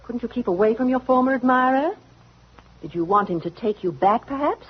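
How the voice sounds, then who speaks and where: A jealous rival woman who mocks and accuses with a sarcastic drawl for an old radio play. Her voice swoops up and down with lively pitch and a husky edge. It comes through a dull, lo-fi vintage radio recording. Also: brisk. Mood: taunting. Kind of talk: 1940s radio drama acting.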